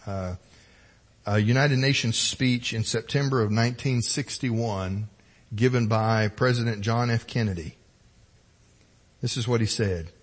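A man's voice: mid-range voice, unhurried, pauses often. A middle-aged man preaching a sermon, emphatic, rising and falling in volume and pace. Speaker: pastor.

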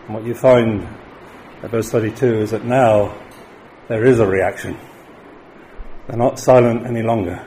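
A middle-aged man preaching a sermon, lifting his voice for emphatic declarations and dropping low and quiet for solemn points. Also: steady tone, moderate pace, long pauses, a little hiss or hum, rough recording.

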